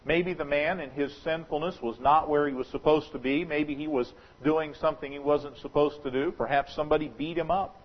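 A man preaching a sermon as pastor, talking through a scripture passage in a conversational, speculative way and slowing down to stress quoted verses. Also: a little high, fairly even intonation, muffled recording. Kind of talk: expository sermon.

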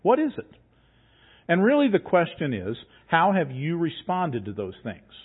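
A man's voice: a little high, wildly swooping pitch, a little slow, husky. A man preaching a sermon to his congregation in a conversational, emphatic way, reading scripture aloud and pressing his points home. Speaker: pastor. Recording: tinny phone-like sound.

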